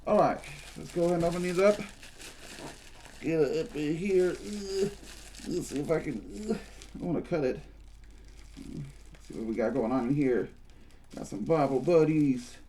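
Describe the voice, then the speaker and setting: A man's voice: a little high, normal speed, pauses often, mellow, a little hiss or hum. A man chatting playfully through a casual unboxing, rambling and humming as he goes. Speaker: unboxing host.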